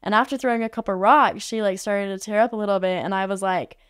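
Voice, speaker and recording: Chatty woman on a podcast, smooth clear voice, says like a lot, dry close sound. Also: medium pitch, fairly even intonation, quick pace, dry recording. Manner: chatty, peppered with "like" fillers. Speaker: podcast guest, art facilitator. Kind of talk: casual storytelling. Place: podcast studio.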